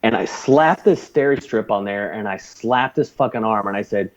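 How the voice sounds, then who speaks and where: A man's voice: on the low side, normal speed, dull audio. A man who is a former navy corpsman, telling a long war story as a podcast guest, swearing freely and laughing as he goes. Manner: profane, animated, laughs while telling. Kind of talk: casual storytelling.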